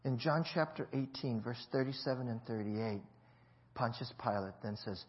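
A man preaching a sermon as pastor, telling a Bible story with loud emphatic peaks and quiet low passages. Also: moderate pace, dull audio.

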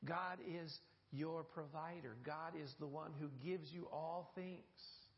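A man's voice: fairly high pitch, unhurried, highs cut off. A male pastor, delivering a sermon and drawing the congregation into call-and-response. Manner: call-and-response preaching, prompting the congregation to repeat.

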